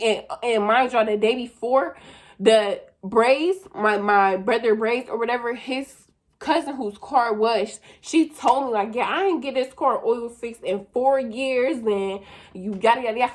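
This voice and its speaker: Profane young woman telling a story. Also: fairly high pitch. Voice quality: profane, animated storytelling with slang. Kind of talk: casual storytime vlog.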